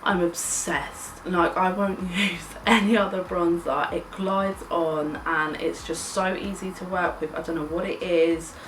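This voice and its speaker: A woman's voice: fairly low pitch, fairly even intonation, a little slow, few pauses, fairly bright tone, distant mic. A young woman chatting casually while doing her makeup, gushing and chatty, swearing now and then. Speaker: beauty vlogger. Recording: echoey room, mic set back, faint hiss.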